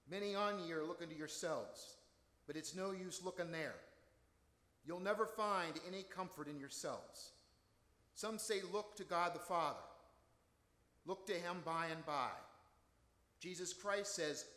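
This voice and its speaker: A man's voice: on the high side, very animated, takes it slowly, long pauses, a bit bright, exaggerated voice. Man acting out an old unschooled country deacon, raised and emphatic, rustic phrasing, echoey hall. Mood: earnest pleading. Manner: rustic dialect, emphatic repetition. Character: unschooled older male country deacon, fervent preacher. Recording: echoey hall with long reverb.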